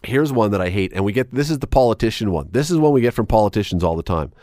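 A man's voice: sing-song, fairly quick, no room sound, clean studio sound. A man hosting a radio show, ranting sarcastically about phrases he can't stand. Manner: emphatic, sarcastic, wide swings in pitch. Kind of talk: opinionated talk radio rant.

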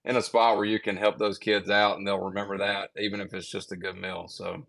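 A man's voice: on the low side, flat delivery, fairly quick, vocal fry, a bit bright. A young man chatting casually on a podcast, telling long stories full of fillers and restarts. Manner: rambling storyteller with many fillers. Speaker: guest pitcher.

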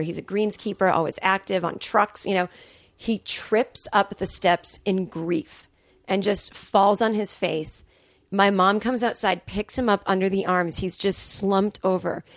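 A woman's voice: mid-range voice, steady tone, normal speed, no echo. A middle-aged woman, a comedian guest on a podcast, telling a personal story candidly and swearing freely. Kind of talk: casual chat.

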